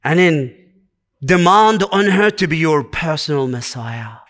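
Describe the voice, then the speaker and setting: A man's voice: fairly high pitch, animated, unhurried, fairly bright tone. A man preaching a sermon to a congregation, earnest and exhorting, driving his points home with short repeated commands.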